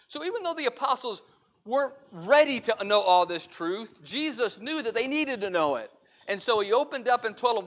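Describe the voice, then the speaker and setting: A man's voice: extremely high pitch, sing-song, brisk, fairly bright tone, muffled recording. A man giving an earnest, conversational sermon lesson to a church congregation. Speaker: preacher. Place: church auditorium.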